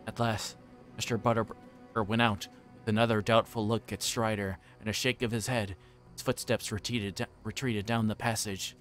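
A man giving a soft, unhurried live reading of a novel aloud. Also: on the low side, level tone, faint music behind.

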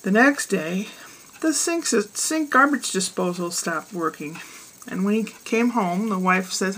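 A woman's voice: mid-range voice, animated, unhurried, a bit bright, poor audio. A woman hosting a weekly joke segment, telling a joke in a chatty, casual way. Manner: chatty storyteller.

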